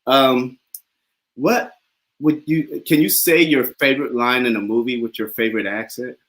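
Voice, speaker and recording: A man's voice: medium pitch, steady tone, moderate pace, a bit bright. A young adult man hosting a casual interview, upbeat and encouraging, often laughing. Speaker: talk show host.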